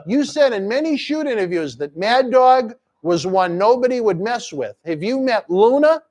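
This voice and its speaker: Brash high-voiced male host. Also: very animated, normal speed, a little mellow. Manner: brash promotional patter and crude teasing. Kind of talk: live stream chat show.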